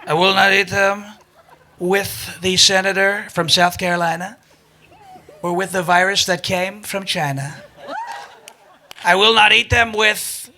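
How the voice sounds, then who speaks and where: A man doing an impression of a boastful older politician, bragging in repetitive, drawn-out phrases. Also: sits high, fairly even intonation, pushed and bright, slight background noise, full character voice. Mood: mock-solemn.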